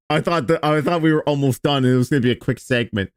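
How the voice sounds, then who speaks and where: A man's voice: fairly high pitch, quick pace, hardly any pauses, smooth, no echo, clean studio sound, faint music behind. A man streaming a reaction, casually commenting with sarcasm, swearing, and laughter. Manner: sarcastic, swearing, laughing, mocking with mimicked quotes.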